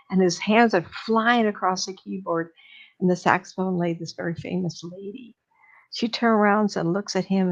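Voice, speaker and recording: Rambling middle-aged woman, lo-fi sound. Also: mid-range voice. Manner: enthusiastic, rambling, frequent fillers and laughs. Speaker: psychic medium guest. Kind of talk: casual retelling of a film.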